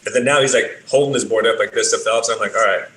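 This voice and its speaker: A man's voice: lowish voice, steady tone, quick pace, a bit bright. A man, a podcast guest telling stories casually with lots of swearing and fillers. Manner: laid-back, swears a lot, many fillers. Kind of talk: casual storytelling. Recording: roomy with faint ambient noise.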